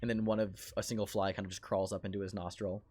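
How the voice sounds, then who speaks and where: A man's voice: lowish voice, level tone, a little mellow, soft background music. Man narrating a tabletop horror game. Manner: halting, full of fillers and restarts. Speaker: game master.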